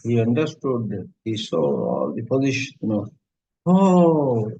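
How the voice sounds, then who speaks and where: A man giving a scripture lecture, telling stories in a lively, conversational way and using Sanskrit terms. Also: lowish voice, measured pace, vocal fry, slightly rough. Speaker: spiritual teacher. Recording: slightly muffled lo-fi recording.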